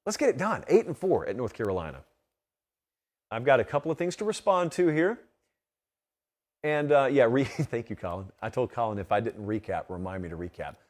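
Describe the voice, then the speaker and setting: A man's voice: mid-range voice, sing-song, brisk, long pauses, darkish tone. A man hosting a solo sports talk show in a studio, emphatic and full of rhetorical questions. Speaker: host.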